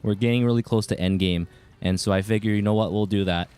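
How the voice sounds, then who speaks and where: A man hosting a live game stream, chatting casually and warmly greeting his viewers by name. His voice sits a little low and comes across smooth and clean. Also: steady tone, quick pace.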